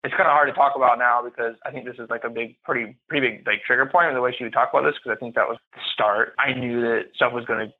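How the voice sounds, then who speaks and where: A man telling his own story as a podcast guest, speaking haltingly and often repeating or restarting phrases. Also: medium pitch, steady tone, breathy edge. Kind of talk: personal story in interview. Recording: tinny phone-like line.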